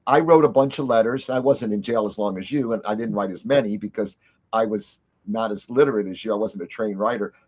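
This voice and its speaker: A male host chats in a casual interview, animated and quick to laugh while he spins a story. The recording is dull and slightly lo-fi. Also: lowish voice. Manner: animated, laughs through his stories. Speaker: podcast host.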